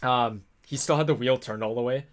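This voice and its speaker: A man vlogging in a casual, rambling storytelling way, animated when he quotes people. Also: mid-range voice, brisk. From North America. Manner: rambling, animated when quoting others, laughs often.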